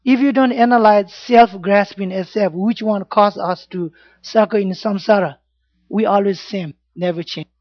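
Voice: medium pitch, moderate pace, no room sound. A Buddhist teacher giving an informal class talk in simple broken English, often checking in with "yeah?" and "you know". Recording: dull lo-fi recording, dry sound.

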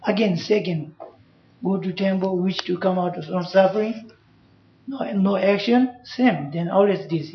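A Buddhist teacher giving a Dharma class, speaking in simple broken English and checking in with "you know" and "yeah?". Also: medium pitch. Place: class room. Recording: echoey, dull room recording.

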